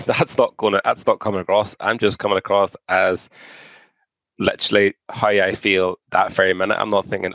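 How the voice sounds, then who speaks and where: Podcast guest: young man, lowish voice, blunt and unfiltered, dry close sound. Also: level tone, normal speed, a bit bright, no echo, low-quality recording. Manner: blunt and outspoken, swears freely. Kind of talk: candid conversation.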